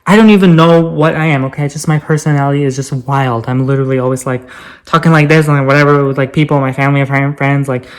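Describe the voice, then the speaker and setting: A man with a light, soft voice that people mistake for a girl's talks straight to his viewers in a loose vlog. He rambles and circles back, trailing off into fillers, with a playful, offhand manner. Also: a little high. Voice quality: light voice others call girlish. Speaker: vlogger. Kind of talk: casual chatty vlog.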